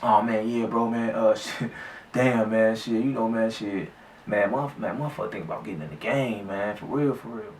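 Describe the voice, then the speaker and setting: A man's voice: lowish voice, normal speed, recorded from a distance, a little hiss or hum, natural voice. A man voicing a shifty young male friend who mumbles evasively through profanity and filler. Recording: echoey room, off-mic.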